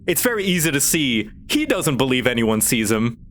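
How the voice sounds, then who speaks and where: A man's voice: mid-range voice, very animated, moderate pace, a bit bright. A man narrating a tabletop game as its game master, describing scenes loosely with many hesitations.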